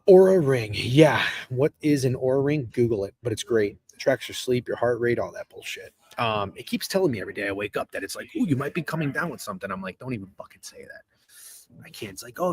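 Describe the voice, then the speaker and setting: A man in his thirties, hosting a live stream in casual chat, rambling and profane and answering chat as he goes. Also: on the low side. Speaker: streamer host. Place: hotel room.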